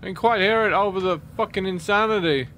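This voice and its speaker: A man playing a horror game on video, thinking out loud, startling easily and swearing when scared, then thanking viewers. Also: sits high, brisk, slight background noise. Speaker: let's play gamer.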